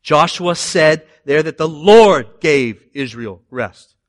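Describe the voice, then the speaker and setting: A man preaching a sermon in an animated way, moving between loud emphasis and quiet asides. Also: on the high side, slow pace, dry recording, clean studio sound. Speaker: pastor.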